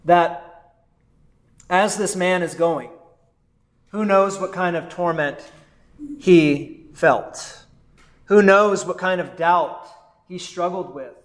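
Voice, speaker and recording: High-voiced pastor preaching in a slow, conversational way. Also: male voice. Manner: conversational, often adds "right?"; quotes and voices figures from the text. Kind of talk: sermon.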